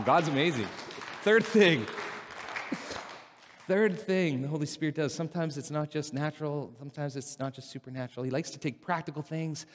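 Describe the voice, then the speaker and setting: A man preaching a casual, story-driven sermon in a church, animated and laughing at his own anecdotes. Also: mid-range voice. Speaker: pastor. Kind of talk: conversational sermon with stories. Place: church sanctuary. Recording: long hall reverb from a church.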